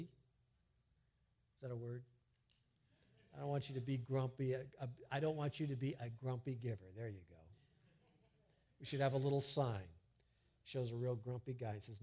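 A middle-aged man preaching a sermon in a church sanctuary, talking in a conversational, animated way with frequent restarts. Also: medium pitch, moderate pace, pauses often. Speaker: pastor.

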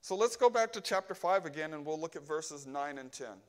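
A man's voice: on the high side, animated, fairly quick. A man preaching a sermon, emphatic and often asking "right?" to his hearers.

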